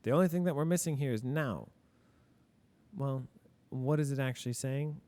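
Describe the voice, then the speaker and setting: A male teacher with a warm, medium-pitched voice works through grammar examples at a normal speed in a casual lesson. He poses questions and answers them himself, and he openly owns up to his mistakes.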